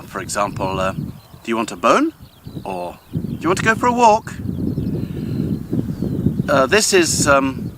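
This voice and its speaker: An older man hosting a vlog, talking in a thoughtful, measured way with frequent pauses as he walks outdoors in the countryside. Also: fairly low pitch, heavy background noise. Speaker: vlog host. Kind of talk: casual explanatory talk on a walk, with a poem reading.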